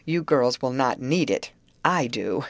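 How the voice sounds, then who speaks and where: A woman's voice: extremely low pitch, animated, unhurried, no echo, voice pushed down, full character voice. A woman reading the lines of a wry older man asking a favor, in an audiobook.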